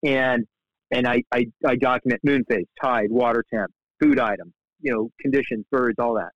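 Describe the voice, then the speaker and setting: A middle-aged man, a guest, telling fishing stories in a casual, animated way, with many restarts and lively quoted voices. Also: mid-range voice, moderate pace, gravelly, dry recording. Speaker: guest, shark fly fisherman. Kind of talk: casual storytelling. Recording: slightly muffled, dry sound.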